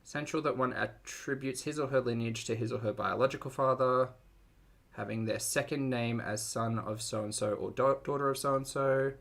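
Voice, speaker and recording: An Australian man talks over a livestream he is reacting to, reading articles aloud and breaking in with dry remarks. His voice is bright and forward, and he sits in the middle of the usual male pitch range. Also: fairly even intonation, moderate pace, creaky. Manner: dry, wry asides between readings. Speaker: reaction commentator.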